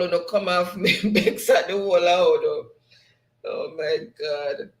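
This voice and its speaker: A man hosts a casual livestream sign-off, reading viewers' comments aloud and laughing often as he drifts into patois. His voice sits high for a man. The sound bounces around an echoey room. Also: fairly even intonation, a little slow, vocal fry, a bit bright. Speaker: livestream host. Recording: roomy echo.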